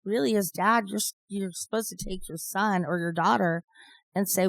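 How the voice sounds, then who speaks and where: In a dry recording, a podcast co-host in her fifties speaks with a creaky, medium-pitched voice at a moderate pace. She chats casually, laughs a lot, and rambles her way through stories.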